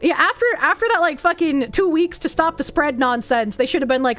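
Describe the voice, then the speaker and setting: A young woman with a high voice rambles through a livestream, reading donations and chat aloud. She is animated and swears freely. Soft music plays quietly behind her. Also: a little fast. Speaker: streamer. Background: faint music.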